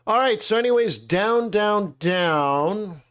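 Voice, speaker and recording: A man hosting a live trading webinar, chatting casually in slangy, animated storytelling that acts out quotes. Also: high-pitched, takes it slowly. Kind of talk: casual chat.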